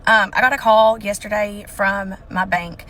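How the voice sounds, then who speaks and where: A woman recounts a suspicious phone call in a casual, chatty way, voicing herself and the caller as she goes. Her voice is bright and forceful. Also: mid-range voice, a little slow, a little hiss or hum. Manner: animated, acts out the call in quoted voices. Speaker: scam call victim. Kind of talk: casual storytelling to camera.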